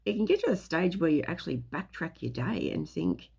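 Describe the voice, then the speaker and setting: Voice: medium pitch, very animated, brisk, vocal fry, hardly any pauses, darkish tone, husky. A speaker giving a casual, rambling talk on spiritual topics, full of fillers and loose swearing. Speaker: spiritual teacher.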